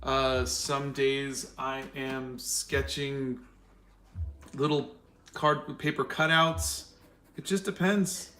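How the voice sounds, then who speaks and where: A man in his fifties hosting a drawing livestream, relaxed and joking as he thinks aloud. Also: medium pitch, drawn-out words. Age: 50s. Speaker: artist and livestream host. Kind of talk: casual livestream chat while drawing.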